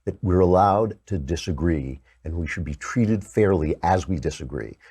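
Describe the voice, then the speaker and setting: A man's voice: lively intonation, normal speed, mellow, breathy edge. An older man hosting a political commentary show, delivering a heated, sarcastic monologue. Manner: heated, sarcastic, mocks opponents in high whiny put-on voices.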